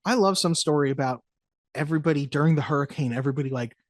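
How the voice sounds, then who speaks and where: A podcast co-host chatting casually about a film, animated and jokey, often slipping into quick mock voices. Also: mid-range voice, no room sound, clean studio sound. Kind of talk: casual movie-review chat.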